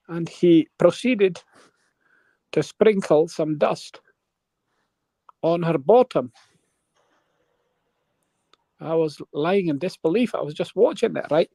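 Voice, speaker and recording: A man's voice: a little high, takes it slowly, pauses often, a little mellow, no room sound. A man telling a long rambling story on a live panel, checking in with his listeners. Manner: rambling, keeps checking in with "right?".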